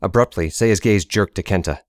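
This is a man narrating an audiobook with an even, measured delivery. He has a low voice, captured as a dry, clean studio recording.

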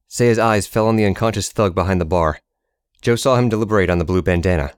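A man narrating an audiobook in a steady, measured reading. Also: deep voice, smooth, dry recording, clean studio sound.

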